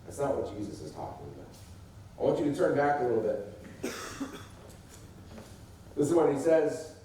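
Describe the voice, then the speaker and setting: A man's voice: medium pitch, very animated, moderate pace, dark tone, slight background noise. A man preaching a sermon as pastor, talking conversationally and acting out the quotes he discusses. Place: church sanctuary. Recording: echoey room heard from a distance.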